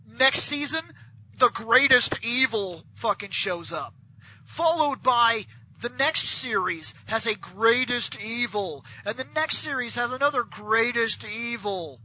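A man's voice: extremely high pitch, lively intonation, slow, sharp tone, slightly rough. A man ranting profanely and animatedly in a casual podcast chat, acting out scenes as he goes. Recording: dull lo-fi audio.

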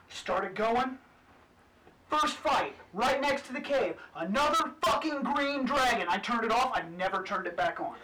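A man's voice: high-pitched, expressive, unhurried, bright, forceful tone. A man on a casual podcast, telling a story with lots of swearing and acted-out quotes. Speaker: podcast panelist. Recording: distant mic with faint noise.

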